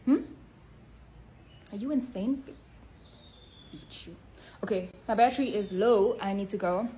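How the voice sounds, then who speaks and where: With a mellow, medium-pitched voice at a measured pace, a woman vlogs to her phone about health. Her delivery is blunt and scolding, often ending on "okay?", with slight background noise behind her.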